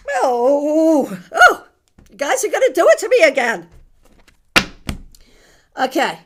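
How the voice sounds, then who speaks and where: A middle-aged woman hosts a tarot livestream, chatting with viewers and reading their comments aloud. She speaks with open emotion, and her voice sits a little higher than most. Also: sing-song, a little slow, long pauses, fairly bright tone. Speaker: tarot reader host.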